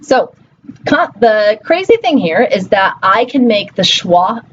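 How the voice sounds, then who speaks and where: A woman's voice: medium pitch, very animated, takes it slowly, dull audio, a little hiss or hum. A woman teaching a recorded linguistics lecture in a chatty, encouraging way, often checking in with "okay?" and "right?". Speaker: linguistics instructor.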